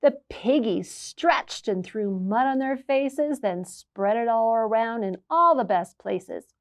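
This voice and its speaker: A children's librarian reads a picture book aloud as an expressive storyteller, asking her listeners questions along the way. Her voice is on the high side, and she reads slowly with hardly any pauses.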